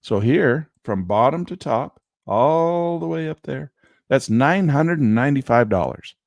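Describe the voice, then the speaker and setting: A man's voice: mid-range voice, lively intonation, unhurried, gravelly, dry recording. A man teaching chart trading on a screen share, talking emphatically with rhetorical asides. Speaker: trading instructor.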